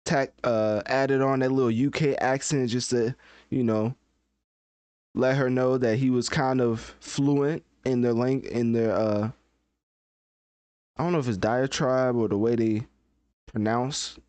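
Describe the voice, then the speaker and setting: A man talks casually into a close desk microphone, hosting his live podcast. He chats loosely and thinks aloud while he searches, with a mid-pitched voice in a dry, dead room. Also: steady tone, measured pace, long pauses, a little mellow, clean tone, dry recording. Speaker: podcast host. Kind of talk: casual live-stream commentary.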